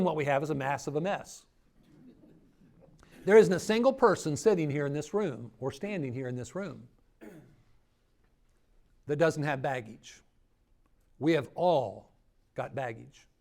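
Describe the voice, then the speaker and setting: A man's voice: a little high, animated, a little slow, vocal fry, long pauses, darkish tone. A middle-aged man preaching a sermon at a church grief workshop, teaching with rhetorical questions to his audience. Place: church hall.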